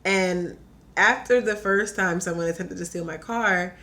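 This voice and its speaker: A podcast guest, a young woman whose voice sits a bit low for a woman, tells a story in easy, casual talk at a measured pace. She stays animated, says "like" a lot, and slips into the voices of her own quotes.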